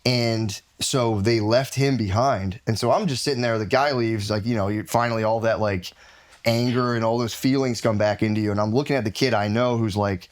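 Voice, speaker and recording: A man's voice: fairly low pitch, steady tone, moderate pace. A man as a podcast guest, telling a long rambling story in casual talk and laughing as he goes. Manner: rambling, laughing, acts out others in quotes.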